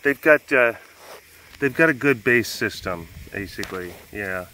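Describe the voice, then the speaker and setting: A man keeping big cats, narrating a casual vlog outdoors and cooing softly at the animals in baby talk. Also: lowish voice, expressive, measured pace, a little hiss or hum. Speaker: big cat keeper.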